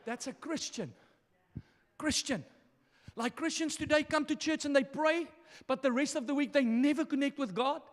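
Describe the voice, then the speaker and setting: Male pastor, very high voice, fiery sermon delivery, long hall reverb. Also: fairly even intonation, a little fast. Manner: impassioned preaching, swinging between quiet asides and shouting.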